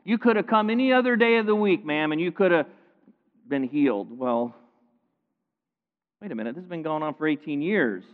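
A man preaches to his congregation in a voice pitched a little high, swinging between loud, pointed emphasis and hushed asides. The sound is thin and phone-like. A long reverb from a large sanctuary trails every phrase. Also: expressive, moderate pace, pauses often. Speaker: pastor. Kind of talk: sermon.

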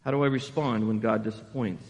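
A man preaching a sermon as pastor, animated and asking the congregation rhetorical questions. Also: fairly low pitch, brisk, big-room sound.

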